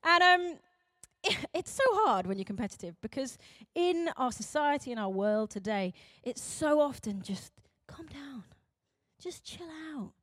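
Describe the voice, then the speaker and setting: Animated high-voiced woman preaching. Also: moderate pace, no room sound, studio quality. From Britain. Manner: animated and chatty, acting out quotes, laughing at herself. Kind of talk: sermon.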